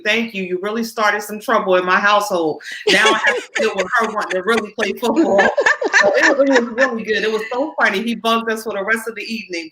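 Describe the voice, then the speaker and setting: A chatty mother telling family stories as an interview guest, her voice bright and forward. There is a roomy echo around her, and she laughs easily as she talks. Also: mid-range voice, a little hiss or hum. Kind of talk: casual interview chat.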